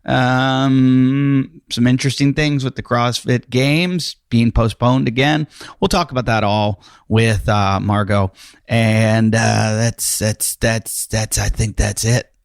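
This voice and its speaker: A man's voice: medium pitch, steady tone, slow, vocal fry, clean tone, no room sound, clean studio sound. A man hosting a casual podcast, rambling through his intro with lots of fillers and self-mocking asides. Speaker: podcast host.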